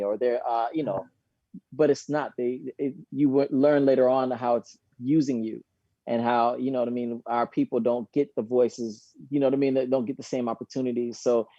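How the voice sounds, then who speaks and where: Slangy, animated man on a phone call. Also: mid-range voice, normal speed, no echo. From Florida. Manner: animated, slangy, laughs often. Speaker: guest dancer. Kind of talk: casual chat.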